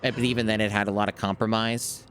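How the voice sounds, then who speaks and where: A man with a very low voice gives casual gameplay commentary in a dry, self-deprecating tone, cursing freely as he plays. Steady background noise sits under his voice. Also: fast talker. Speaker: streamer.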